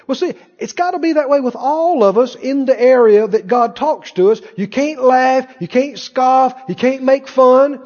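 A man preaching a sermon as pastor, animated and quizzing his congregation with questions as he goes. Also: very high voice, normal speed, few pauses. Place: church sanctuary. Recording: dull sound with long hall reverb.

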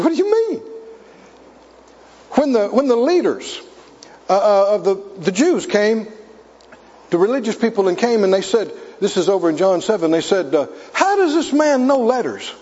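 High-voiced preacher in a reverberant hall. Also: male voice, breathy edge, muffled recording. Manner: storytelling, emphatic, rising to near shouts. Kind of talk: sermon.

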